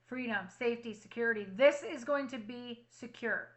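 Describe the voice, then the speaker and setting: A woman's voice: on the high side, normal speed, a bit bright, rough recording. A woman reading tarot cards for her viewers, earnestly reassuring them and repeating affirmations. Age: adult with a child at home. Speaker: tarot reader.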